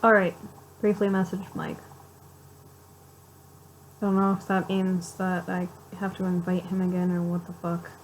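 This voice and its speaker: A woman's voice: lowish voice, level tone, normal speed, pauses often, a little hiss or hum, low-quality recording. Raw, swearing young woman confessing. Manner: raw, emotional, heavy swearing; repeats phrases, breaks off mid-sentence. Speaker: vlogger. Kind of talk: confessional vlog to viewers.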